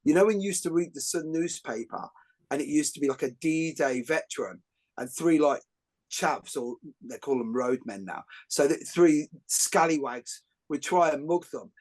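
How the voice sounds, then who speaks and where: Middle-aged man, slightly higher voice, podcast host, jokey rambling storyteller. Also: normal speed. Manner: animated storyteller, jokey, many fillers and restarts. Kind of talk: casual podcast conversation.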